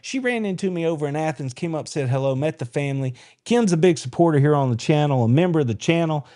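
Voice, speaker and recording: Animated podcast host, lively pitch. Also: male voice, fast. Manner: animated, folksy, teasing. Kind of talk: casual live show chat.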